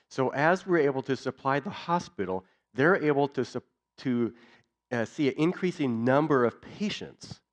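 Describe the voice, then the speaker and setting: Earnest man giving a church missions talk. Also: mid-range voice. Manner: earnest, builds repeated lists. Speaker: missions speaker.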